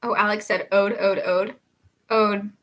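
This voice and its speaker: A woman's voice: medium pitch, fairly even intonation, a little slow, fairly bright tone. A young woman, a singer-songwriter hosting a casual livestream, chatting, laughing often and reading viewer comments aloud.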